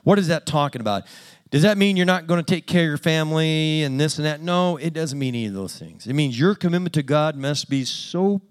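Male preacher, somewhat high-pitched, plain-spoken and self-deprecating, delivering a conversational sermon. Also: lively intonation, fairly quick, clear, resonant tone.

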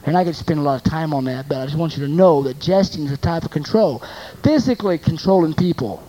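A preacher with a mellow, warm tone gives a sermon. The delivery leans on rhetorical questions and repeated phrases, and swings between loud emphatic lines and quiet asides. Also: medium pitch, fast talker, muffled recording.

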